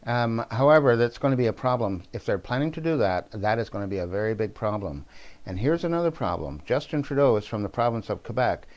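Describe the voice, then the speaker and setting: A man with a mid-pitched voice gives a casual political monologue. He wanders from one point to the next and offers his opinions freely. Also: expressive, brisk, darkish tone. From New Brunswick, Canada. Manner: rambling, digressive and opinionated. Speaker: vlogger.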